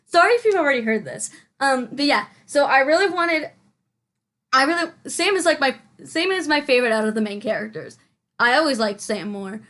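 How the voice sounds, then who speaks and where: A woman's voice: high-pitched, a little fast, a bit bright. A young woman hosting her channel, rambling scatterbrained and self-mocking in a casual voice-over as she builds in a game, recorded on a headset mic. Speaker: channel host. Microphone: headphones with mic.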